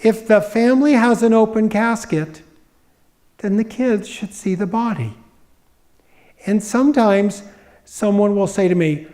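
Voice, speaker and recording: A middle-aged man with a notably high speaking voice gives a public presentation. He speaks as an expert, telling stories and playing out the voices of the people in them. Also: measured pace, pauses often, mellow. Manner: storytelling, acts out quoted voices. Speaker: grief expert giving a public talk.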